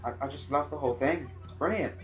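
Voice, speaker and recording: A teenage man rambling excitably in a casual vlog, with sudden loud outbursts. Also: medium pitch, fast talker, soft background music. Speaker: vlogger.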